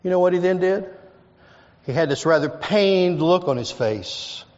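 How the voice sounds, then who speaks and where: High-voiced Texan pastor preaching slowly. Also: male voice, expressive, darkish tone. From Texas. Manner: storytelling with emphatic repetition and lists. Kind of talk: sermon. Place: church sanctuary. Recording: dull lo-fi sound with long hall reverb.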